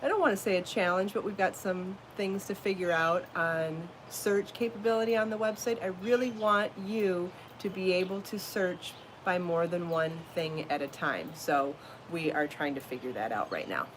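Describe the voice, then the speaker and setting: A woman's voice: lowish voice, normal speed, hardly any pauses, background noise. A woman hosting a casual live podcast from home, chatty and bubbly, laughing often as she talks. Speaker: podcast host and crochet designer. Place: home, then out in her garden.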